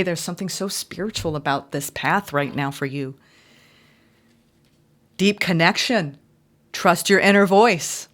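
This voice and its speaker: A woman's voice: on the low side, a bit bright. Heartfelt woman giving a tarot reading. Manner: heartfelt, spiritual, reads card meanings aloud; emotional and effusive. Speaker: tarot reader.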